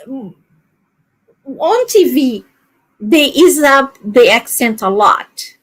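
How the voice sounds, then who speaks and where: A woman chats casually on a stream, often pausing to search for words and laughing. Her voice sits fairly high. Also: expressive, rough recording. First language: Portuguese. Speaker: livestream co-host. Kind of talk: casual chat.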